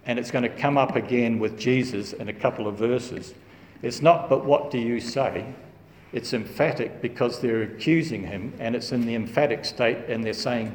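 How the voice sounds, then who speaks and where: A man's voice: medium pitch, a little mellow, echoey room, big-room sound. A man teaching through a Bible passage verse by verse, earnest and emphatic, recorded in a room at home. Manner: earnest, emphatic, stresses key words.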